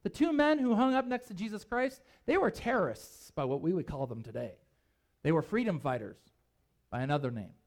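A man preaching a sermon as pastor, emphatic and animated, with conversational asides. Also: high voice.

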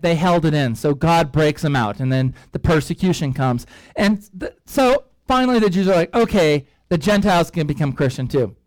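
Male pastor, high voice, storytelling sermon, chatty asides, dry recording. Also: clean tone, no room sound, poor audio. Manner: lively storyteller, acts out characters' reactions; rambling with frequent fillers and asides. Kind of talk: sermon-style Bible teaching.

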